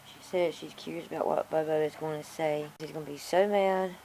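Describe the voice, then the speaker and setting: A woman's voice: deep voice, fairly even intonation, fairly quick, dark tone, low-quality recording. Lady vlogging outside, rambly and fed up, tooth hurting, bit of faint noise. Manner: rambling, frustrated, self-talking. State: in pain from a sore tooth. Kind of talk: casual chatty vlog. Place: outdoors in a yard.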